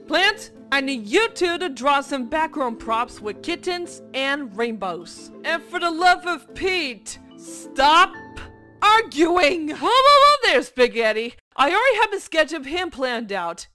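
A woman's voice: high-pitched, sing-song, takes it slowly, sharp tone, faint music behind, full character voice. A woman in her twenties playing an upbeat, bossy young team leader on a cartoon survival show, peppy and commanding as she rallies her team. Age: 20s. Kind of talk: cartoon dub acting.

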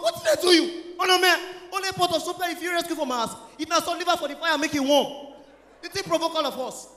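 A man with a Nigerian Pidgin accent doing a loud, animated stand-up set, mixing Pidgin and English. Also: extremely high pitch. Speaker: stand-up comedian. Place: church hall stage. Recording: echoey hall with long reverb.

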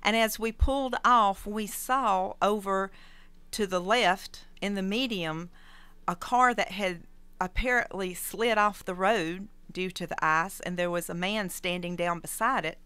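A middle-aged woman recounts a personal testimony in a calm, earnest way. Her voice is bright and smooth. The recording is close and dry. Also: mid-range voice, a little slow, no room sound. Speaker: radio guest sharing testimony.

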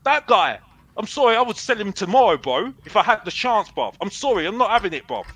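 Brash high-voiced football fan. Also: male voice, sing-song, brisk, a bit bright, slightly rough, low-quality recording. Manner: brash, boastful, repeats himself, calls himself Mister Box Office. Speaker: football fan caller on a fan show. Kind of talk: heated fan debate.

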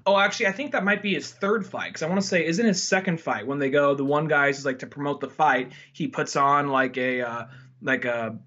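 A man's voice: a little high, brisk, sharp tone, dull audio. A man hosting a casual movie review podcast, rambling, swearing and acting out scenes in voices. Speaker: podcast host.

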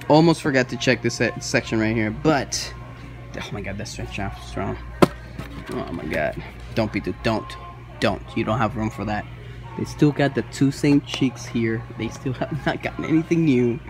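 A man in his thirties with a lowish voice vlogs while toy hunting, talking to himself in stores and in his car. He is excitable, given to muttering and Spanish exclamations, in a casual self-talk style.

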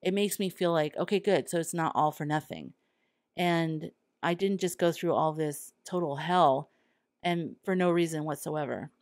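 A woman's voice: sits low, moderate pace, a little mellow, dry recording, clean studio sound. A woman hosting her own podcast, talking earnestly and candidly, sometimes acting out quoted thoughts. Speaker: podcast host. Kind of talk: solo podcast monologue.

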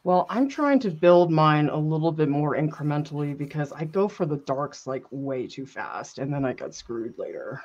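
Animated woman chatting while painting. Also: low-pitched, moderate pace, hardly any pauses, lo-fi sound. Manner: animated, chatty, laughs often. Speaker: art instructor and co-host. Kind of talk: casual chat while painting.

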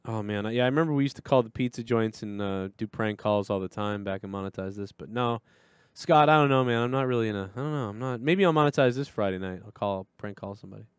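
A man's voice: fairly low pitch, fast talker, clear, resonant tone, no echo, clean studio sound. A man hosting a livestream show in casual chat, a crude, rambling storyteller who swears and laughs often.

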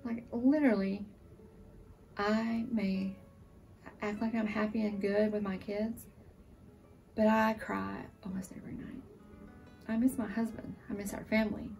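A woman in her forties, a surviving military spouse, giving an emotional, earnest testimonial, sometimes halting. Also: mid-range voice, flat delivery, gravelly, darkish tone, far from the mic, faint music behind. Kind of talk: testimonial interview.

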